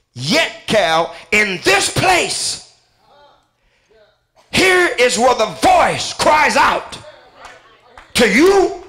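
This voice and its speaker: High, lively preaching man. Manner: calls out listeners by name, builds to shouted repeated phrases. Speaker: pastor. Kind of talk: sermon.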